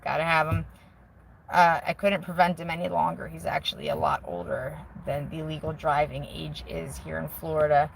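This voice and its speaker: Gravelly, low-voiced woman chatting candidly. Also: animated, moderate pace, slight background noise, poor audio. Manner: candid, profane, self-mocking. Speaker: vlogger on a live stream. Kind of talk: casual rambling chat. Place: inside a car with the window open. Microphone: handheld phone.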